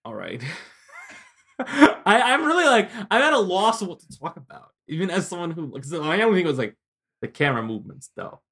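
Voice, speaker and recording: A man co-hosting a film podcast, chatting casually, laughing often and acting out scenes in quick bursts. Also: breathy edge. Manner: animated, laughing, jumps between pitches, acts out scenes. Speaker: podcast co-host.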